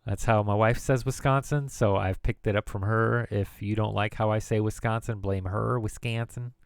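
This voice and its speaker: A man's voice: lowish voice, fairly even intonation, normal speed, vocal fry, smooth, no echo, studio quality. A man streaming from his computer at home, chatting casually and rambling into jokes and word games. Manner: rambling and jokey, riffing on words. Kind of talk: casual live-stream chat.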